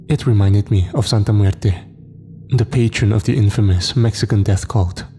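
A man tells a first-person horror story in a steady, measured voice. His tone is low and mellow, and faint music plays underneath. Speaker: narrator. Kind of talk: scripted horror narration.

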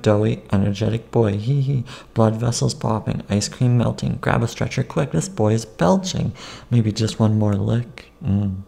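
A man's voice: mid-range voice, vocal fry, dark tone. A man reading his own children's picture book aloud in a playful, sing-song way, chanting silly rhymes and adding asides about the pages.

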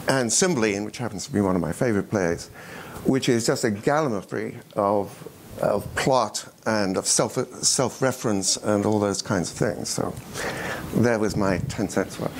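A man speaking as a panelist at a roundtable discussion, measured and hesitant, with frequent pauses and uhs. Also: fairly low pitch, slight background noise.

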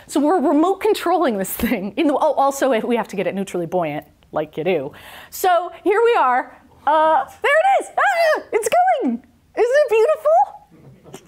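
A woman professor giving a public science talk in an enthusiastic, jokey, storytelling way. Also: high-pitched. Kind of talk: lively science lecture to a club. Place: in-person talk in a meeting hall.

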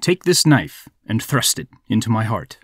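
A man's voice: lowish voice, big pitch swings, normal speed, a bit bright, breathy edge, dry recording, clean studio sound, heavily acted. A man voicing a defiant, cunning male sorcerer who talks in a haughty, commanding way in a storytelling podcast.

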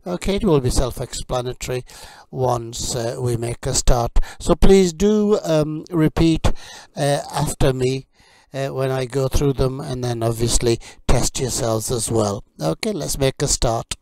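Slow, mellow-voiced male vocabulary teacher. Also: mid-range voice, creaky, no room sound. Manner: slow, deliberate word drills with many fillers. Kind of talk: vocabulary lesson for learners.

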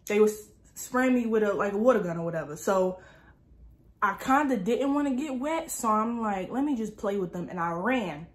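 A woman's voice: medium pitch, lively intonation, moderate pace. A woman in her early twenties from New Jersey, telling a story casually and dramatically with lots of filler words. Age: early 20s. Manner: chatty, dramatic retelling with many "like" fillers. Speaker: lifestyle vlogger.

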